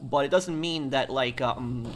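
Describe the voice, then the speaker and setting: A man's voice: mid-range voice, measured pace, a bit bright, slight background noise. A man who hosts a live stream from the United States, reading viewer comments aloud and answering them in a rambling, opinionated way while he plays.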